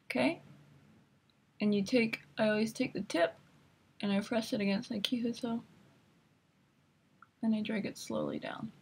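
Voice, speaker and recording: A woman's voice: fairly high pitch, steady tone, unhurried, gravelly, long pauses, breathy edge. A woman hosting a makeup tutorial, chatty and instructive as she talks through each step while demonstrating.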